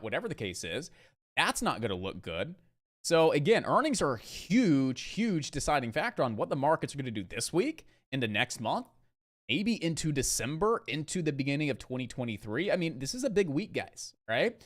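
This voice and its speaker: A man's voice: a little high, big pitch swings, moderate pace. A man hosting a live day-trading stream, explaining the market to his viewers in an emphatic way, repeating points for stress and calling them "guys".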